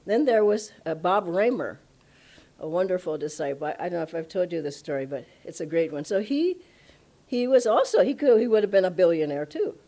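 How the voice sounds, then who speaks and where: Woman spiritual teacher, low-pitched, animated storyteller at a satsang. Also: brisk. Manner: animated, emphatic storytelling, laughs often. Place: ashram satsang hall.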